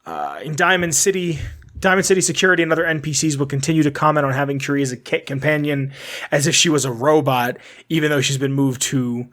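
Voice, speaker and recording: Male podcast host, slightly high voice, reads notes loosely, trips over words. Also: fast, fairly bright tone. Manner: reads notes aloud, tripping and correcting words. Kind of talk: casual podcast lore reading.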